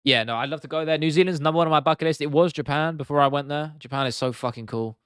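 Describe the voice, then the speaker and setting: A man's voice: a little high, quick pace, a bit bright, clean tone, dry recording, clean studio sound. Casual English man chatting on stream. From England. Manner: casual and chatty, swears freely, reads chat aloud. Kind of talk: casual live stream chat.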